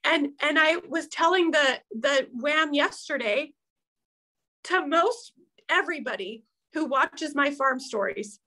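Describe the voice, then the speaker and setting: A woman's voice: high voice, takes it slowly, bright, forceful tone, low-quality recording. A woman in her thirties giving an emotional, heartfelt pep talk to her team, earnest and open, close to tears at times. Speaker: team leader at an accountability meeting.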